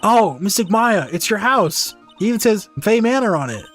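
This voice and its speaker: A man doing a timid, squeaky little girl. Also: brisk, soft background music, natural voice. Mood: anxious. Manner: high squeaky shrieks when scared. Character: young girl, timid, sweet and excitable.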